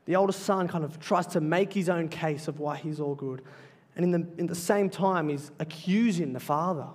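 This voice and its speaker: A man with a noticeably high voice delivers a sermon from the pulpit. He is earnest and emphatic, drawing out key phrases slowly for weight. His words ring out with a long, lingering reverb, as in a large church sanctuary. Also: a little mellow. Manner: earnest, emphatic preaching with slow deliberate phrases. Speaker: pastor.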